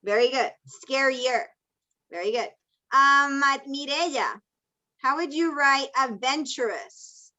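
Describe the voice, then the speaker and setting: A woman's high-pitched voice, slow, bright and forceful, leads an online English lesson. Working as an ESL teacher, she patiently calls on students and gives encouraging explanations in English and then Spanish. The sound is dull, lo-fi video call audio.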